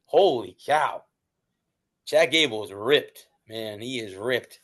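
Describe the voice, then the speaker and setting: A man's voice: medium pitch, expressive, slow pace, a bit bright. A man co-hosting a casual sports podcast, rambling and restarting his sentences as he talks. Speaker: podcast co-host.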